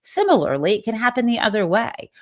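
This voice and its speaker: A woman's voice: on the high side, very animated, brisk. A woman hosting a live talk show, giving snarky, profane, conversational commentary. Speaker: host.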